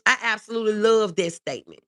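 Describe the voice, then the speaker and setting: A woman's voice: medium pitch, animated, quick pace. A woman hosting a casual livestream, reading viewer comments aloud and answering them in an earnest, reassuring way, often repeating her key phrases.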